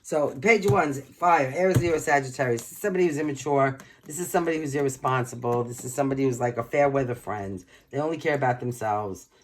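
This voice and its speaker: A man from Brooklyn with a New York accent, hoarse and losing his voice, giving a chatty, emphatic tarot reading and clearing his throat often. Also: mid-range voice, quick pace, hardly any pauses, a little hiss or hum. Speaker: tarot reader. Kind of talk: casual tarot reading to camera.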